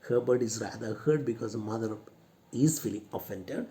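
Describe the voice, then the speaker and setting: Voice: medium pitch, moderate pace, mellow. A teacher, explaining a play line by line and defining words. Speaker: English teacher.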